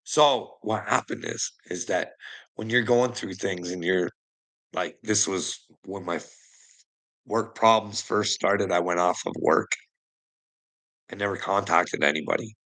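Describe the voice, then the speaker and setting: A man from Canada talking in a casual, rambling monologue, swearing often and trailing off quietly at the ends of phrases. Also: deep voice, a little slow, low-quality recording. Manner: rambling, heavy swearing, frequent "you know what I mean". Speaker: vlogger.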